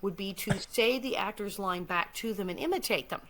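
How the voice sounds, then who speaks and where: A woman in her sixties co-hosting a podcast in casual chat, animated and acting out lines as she talks. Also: medium pitch, moderate pace, a little hiss or hum. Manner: animated, acts out lines and hums music. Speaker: podcast co-host, former child actress.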